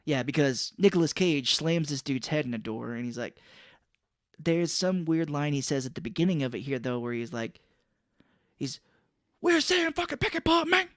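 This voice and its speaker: A man's voice: mid-range voice, normal speed, no echo, studio quality. A man co-hosting a casual movie podcast, animatedly recounting scenes. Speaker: podcast co-host.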